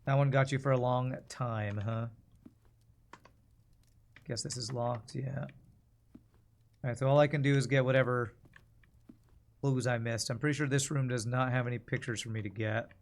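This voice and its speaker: A man's voice: mid-range voice, fairly even intonation, moderate pace, long pauses. A man streaming a puzzle game, muttering and thinking aloud to himself and his chat. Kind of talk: casual gameplay commentary.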